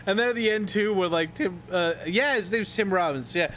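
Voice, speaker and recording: A man's voice: high voice, moderate pace, a bit bright, slight background noise. A young man streaming, chatting casually and rambling about movies with lots of swearing and laughter. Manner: rambling, profane, laughs a lot, scats and imitates movie lines. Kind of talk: casual livestream chat.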